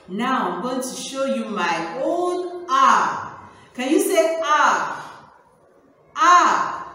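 A woman teacher leads a phonics lesson for small children with slow, exaggerated, sing-song words of praise. Her voice is bright and somewhat high. It echoes through a reverberant room and is heard from a distance. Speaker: pre-nursery teacher.

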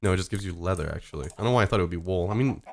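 A young man doing live gameplay commentary, excitable and foul-mouthed, yelping and laughing at every surprise. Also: sits low, rapid-fire, vocal fry, background noise. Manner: excitable, swears a lot, yelps and laughs at surprises. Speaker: game streamer.

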